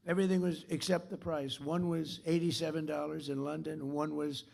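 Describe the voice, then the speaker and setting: Gravelly older man rambling a speech. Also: fairly high pitch, level tone, a little fast, hardly any pauses, darkish tone. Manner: rambling, repetitive, boastful. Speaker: keynote speaker. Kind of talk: off-the-cuff speech to an audience.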